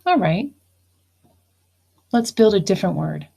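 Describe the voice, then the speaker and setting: Speaking at a medium pitch, a woman teacher leads a recorded phonics lesson. She reads phrases aloud slowly and deliberately, explaining how the syllables should be marked.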